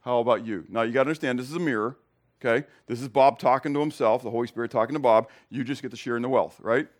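At a quick pace, a pastor works through an expository sermon, talking with his congregation conversationally and asking them direct questions. He goes from loud emphasis to quiet, low remarks.

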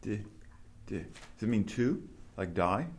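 A man with a somewhat low voice leads a small class through grammar. He asks questions and explains each point patiently. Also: animated, slow, slight background noise. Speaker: Greek teacher. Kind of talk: classroom instruction.

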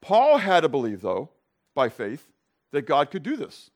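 Casting: man leading a Bible study, lively pitch, slightly high, quizzes the class. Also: measured pace. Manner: animated, tags "okay?" and "right?" to check the class; asks the class questions and acts out scenes. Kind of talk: casual classroom teaching.

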